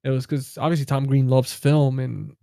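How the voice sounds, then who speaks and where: Casual podcast co-host, man, upbeat and excitable, mellow dark tone, dry close mic. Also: medium pitch, moderate pace, creaky, no echo. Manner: excitable, laughs while retelling scenes. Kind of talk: casual movie chat.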